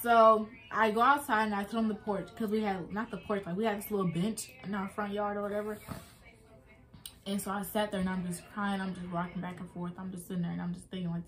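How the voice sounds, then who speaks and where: A woman's voice: medium pitch, little pitch movement, a little fast, a bit bright. A young woman vlogger speaks. She retells a hard personal story in a loose, casual way, with many fillers and restarts.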